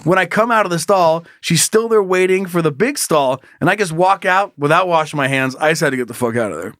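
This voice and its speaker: A man's voice: on the high side, animated, brisk, fairly bright tone, no room sound. A man co-hosting a casual comedy podcast, reading a listener's story aloud and acting out the voices, laughing often.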